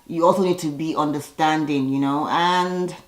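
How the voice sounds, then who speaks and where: Sassy low-voiced woman recapping TV. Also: steady tone, roomy sound, low-quality recording. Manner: chatty and sassy, quick asides. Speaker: reality TV recap vlogger. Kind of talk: casual recap commentary.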